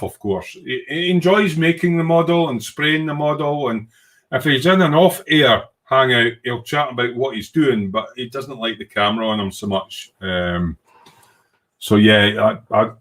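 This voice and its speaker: On his relaxed model-making livestream, a man with a medium-pitched, slightly bright voice talks at a moderate pace. He reads viewers' comments, makes self-deprecating, rambling remarks in casual British slang, and hums as he clicks about.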